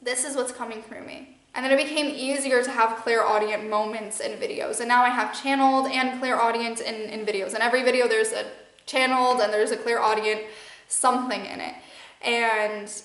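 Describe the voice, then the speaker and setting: A woman's voice: fairly high pitch, steady tone, fairly quick, fairly bright tone, echoey room, rough recording. A young woman with a Midwestern American accent, rambling and restarting as she hosts a casual podcast monologue. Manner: rambling, restarts often, laughs often. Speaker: podcast host and channeler.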